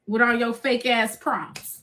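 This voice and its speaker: A woman's voice: a little high, slow pace. A young woman telling a chaotic personal story to viewers, cursing freely and acting out what was said. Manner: profane, animated retelling, acting out quotes.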